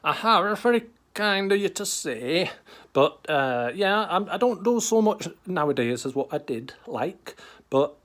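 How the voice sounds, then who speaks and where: A man's voice: high voice, very animated, measured pace, a bit bright, voice pushed up, exaggerated voice. A man voicing Jesus as a laid-back, chatty northern English bloke with a Northern English accent, talking casually and calling people pal and lad in a comic interview. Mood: breezy.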